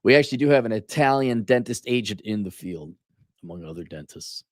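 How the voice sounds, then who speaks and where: A man's voice: on the low side, expressive, a little fast, dry recording, studio quality. A tired man hosting a solo podcast, ranting with sarcasm and profanity. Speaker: podcast host. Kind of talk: casual solo podcast rant.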